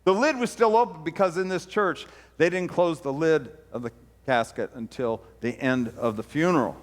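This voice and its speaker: A man's voice: fairly high pitch, moderate pace, long reverb tail. A man preaching a sermon and telling a story, switching into the voices of the people he quotes with rising intensity. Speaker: pastor. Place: church sanctuary.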